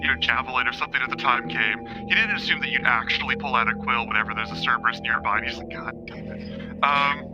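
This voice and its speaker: A man running a tabletop game at a middling pitch, stumbling through ums and restarts as he narrates. The recording is a little muffled, with music playing clearly behind him. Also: very fast, few pauses. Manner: hesitant, full of ums and restarts. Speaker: game master.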